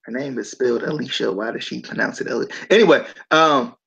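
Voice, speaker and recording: A man hosting a podcast in a casual chat, animated and given to incredulous outbursts. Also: medium pitch, quick pace, vocal fry, husky. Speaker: podcast host. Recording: dull lo-fi mic.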